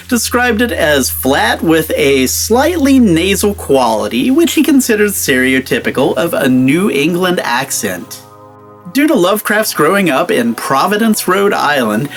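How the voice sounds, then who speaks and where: A male host giving a scripted narration with an animated, expressive delivery. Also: sits high.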